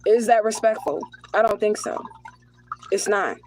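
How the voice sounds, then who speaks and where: A woman's voice: medium pitch, a little slow, darkish tone, a little hiss or hum, rough recording. A woman doing a live spiritual card reading who speaks bluntly and with heavy profanity. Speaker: spiritual reader. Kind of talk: live tarot reading and rant.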